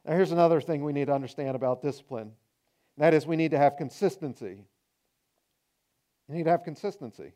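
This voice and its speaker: A man delivers a sermon from the pulpit. His voice sits notably high for a man, and he is animated, acting out the excuses of his listeners in shifting tones to drive home his points. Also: fast, long pauses. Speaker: pastor.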